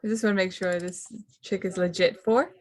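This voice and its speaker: A woman's voice: lowish voice, fairly even intonation, brisk, a little mellow. A woman playing a tabletop game in character, giggly and hesitant. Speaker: player.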